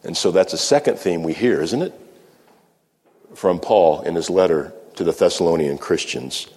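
Male pastor, fairly low voice, preaching with deliberate pauses; reverberant sanctuary sound. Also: a little mellow. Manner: measured preaching with slow emphatic pauses. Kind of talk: sermon. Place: church sanctuary. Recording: long reverb of a church hall.

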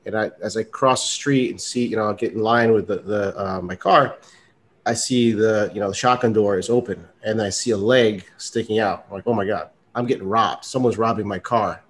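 A man's voice: lowish voice, moderate pace. A man co-hosting a podcast, casually telling a story with fillers and frequent laughs. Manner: loose storyteller, laughs often, many fillers. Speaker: podcast co-host.

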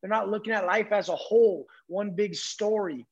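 Intense guy on a podcast, high-ish husky voice, swears a lot, kinda muffled lo-fi audio. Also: moderate pace. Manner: blunt, profane, forceful. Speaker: podcast guest. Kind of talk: intense motivational talk.

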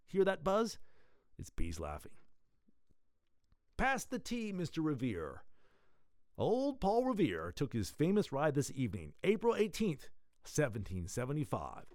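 A man hosts a newsletter podcast, reading his items in a playful, joking way. His pitch swings widely, and the sound is close and dry, with no room around it. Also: no room sound. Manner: playful, jokey, animated. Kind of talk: casual scripted newsletter reading.

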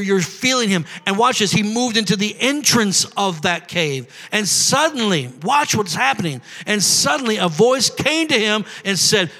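Preacher guy with a real high bright voice, yelling a sermon in a big echoey church. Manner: preaching, builds to shouting and prophecy. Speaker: pastor.

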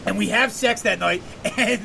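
A man's voice: high voice, normal speed, gravelly, sharp tone, slight background noise. A man hosting a podcast, telling a long profane story in a rambling casual way and laughing often. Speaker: podcast host.

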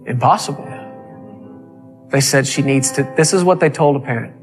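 A man's voice: mid-range voice, normal speed, soft background music. A man preaching a sermon, telling a story with emphatic repeated phrases.

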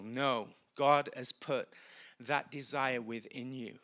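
A man preaching a sermon in a church, earnest, rising loud and high when he speaks to people in the room. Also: fairly even intonation, normal speed, smooth. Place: church hall. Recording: preached over loud worship music.

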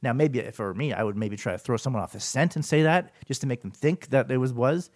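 A man hosting his own podcast in a solo rant, with a lively, swinging delivery. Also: quick pace, no echo, clean studio sound. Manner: animated ranting, swings up and down in pitch. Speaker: podcast host.

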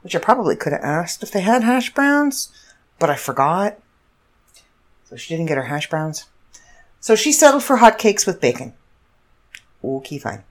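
A woman podcast host telling a funny personal story in a casual monologue, animated and often laughing. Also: lowish voice, moderate pace, pauses often.

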